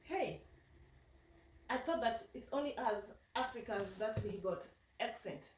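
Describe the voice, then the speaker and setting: Kenyan woman vlogger, animated storytelling, restarts a lot, recorded from a distance. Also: on the high side, normal speed, roomy sound, slight background noise. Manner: animated, laughing, frequent restarts and repetitions. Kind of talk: casual storytelling to camera. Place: in the United Kingdom.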